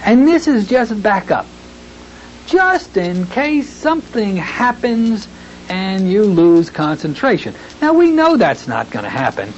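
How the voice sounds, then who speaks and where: In a relaxed, folksy lecture, a hypnotherapy instructor walks trainees through hypnosis technique. His voice sits high and is very animated, yet slows into a soothing delivery whenever he demonstrates his suggestions. The audio is dull and lo-fi, with faint hiss underneath.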